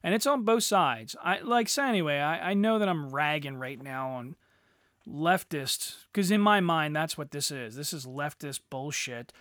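A man's voice: on the high side, animated, normal speed, a bit bright, no room sound, studio quality. A middle-aged man hosting a solo podcast, ranting crudely and sarcastically with heavy swearing. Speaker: podcast host. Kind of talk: profane solo rant.

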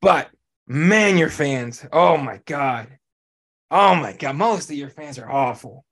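Ranting about sports on his podcast, this man keeps the chat loose and casual, swearing freely and talking bluntly. He speaks slowly, his voice pitched a bit above the typical male range, and his delivery stays animated.

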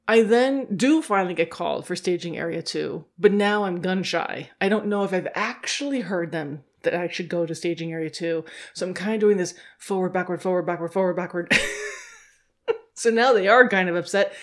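Woman, podcast host, casual storytelling, self-mocking, frequent laughs, animated quoted reactions. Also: fairly low pitch. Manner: self-deprecating, laughs often, acts out her own thoughts.

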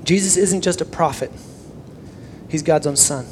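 Animated high-voiced young male preacher. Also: normal speed, slight background noise. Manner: animated, swinging between loud emphasis and hushed near-whispers. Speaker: pastor. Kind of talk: sermon.

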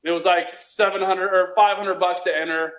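A man with a fairly high voice tells casual fishing stories, circling back and restarting as he goes. The sound is roomy and a bit dull. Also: fairly even intonation, normal speed, a bit bright. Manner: rambling, with many restarts. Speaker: guest angler. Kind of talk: casual storytelling.

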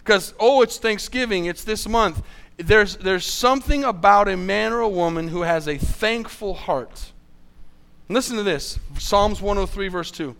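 High, smooth-voiced preacher. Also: male voice, animated, a bit bright. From United States. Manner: earnest, asks the congregation questions, reads scripture slowly. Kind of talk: sermon.

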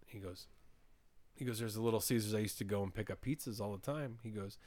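In a fairly low voice, the podcast host talks fast while retelling a story in casual chat. He animates the quotes, introducing each one with "he goes."

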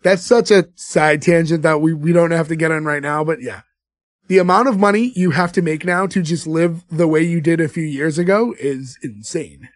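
A man's voice: fairly high pitch, moderate pace, dry recording, clean studio sound. A man co-hosting a casual movie podcast, retelling scenes and laughing often. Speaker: podcast co-host. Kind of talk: casual movie-review chat.

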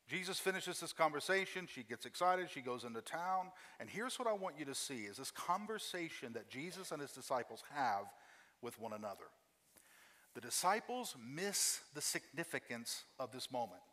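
A man's voice: on the high side, big pitch swings, normal speed, bright, forceful tone, in a large hall. A man preaching a sermon as a pastor, telling the story with emphatic repetition and acting out the quoted voices.

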